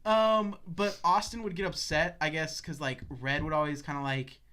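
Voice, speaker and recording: Animated young man telling stories. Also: a little high, normal speed. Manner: animated storyteller, mimics people in quotes, laughs often. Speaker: podcast co-host. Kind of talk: casual storytelling chat.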